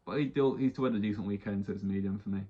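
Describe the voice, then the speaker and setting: Racing through an exasperated solo rant, this podcast host swears a lot and keeps circling back to restart his points. The pitch is fairly low, and the audio has its highs cut off.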